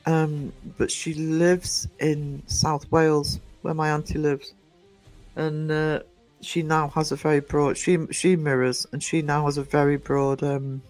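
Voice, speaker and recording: A middle-aged man from the North East of England with a soft Northumbrian accent, talking in a fairly high voice. He rambles through a casual livestream chat full of fillers and restarts. Faint music plays under him. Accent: Northumbrian English. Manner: rambling, greets chatters by name, many fillers and restarts. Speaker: livestream host. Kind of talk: casual chat to live viewers.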